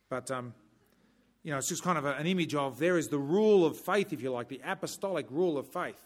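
A man preaching a sermon in a measured, emphatic way, breaking off now and then for dry humorous asides. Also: medium pitch.

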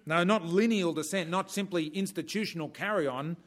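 A man preaching a sermon in a measured, emphatic way, breaking off now and then for dry humorous asides. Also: high-pitched.

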